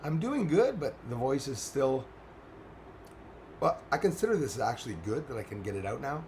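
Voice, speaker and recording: Hoarse male streamer, chatty, mid-pitched, laughs a lot, faint background hiss. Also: very animated, moderate pace, darkish tone. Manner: chatty, greets viewers, laughs often. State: hoarse, strained voice. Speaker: live-stream host. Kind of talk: casual live-stream chat.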